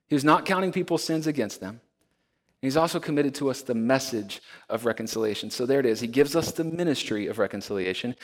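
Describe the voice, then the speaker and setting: This male pastor, speaking at medium pitch, preaches in an earnest, storytelling manner and occasionally drops to a hush for emphasis. The recording carries a long hall reverb.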